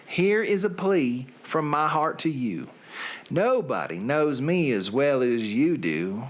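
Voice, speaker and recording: Man doing a thick Southern drawl, slow deadpan recital, slightly high. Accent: Southern US, put on. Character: adult man reading lyrics in a thick drawl. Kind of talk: comic dramatic reading.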